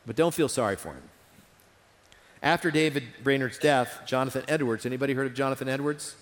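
A man's voice: medium pitch, fairly quick. A man preaching a sermon in an auditorium, earnest and repeating phrases for emphasis. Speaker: pastor. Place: large auditorium. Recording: reverberant hall.

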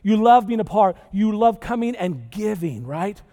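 A man preaching a conversational sermon to a church audience, chatty and animated, often tagging his points with a quick question to the room. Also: sits high. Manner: chatty and animated, tags lines with "right?" and "okay?". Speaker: pastor. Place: church sanctuary with live audience. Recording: long reverb of a large hall.

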